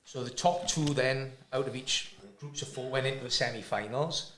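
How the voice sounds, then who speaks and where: A fight coach speaks earnestly and emphatically in casual chat, repeating words to drive his point home. His voice is medium-pitched, fairly bright, and at normal speed, recorded in an echoey room with faint noise.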